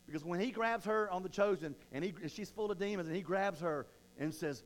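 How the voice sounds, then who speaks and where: A man preaching an online sermon in an animated way, often repeating words and acting out the quoted lines. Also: high-pitched, fairly quick, hardly any pauses.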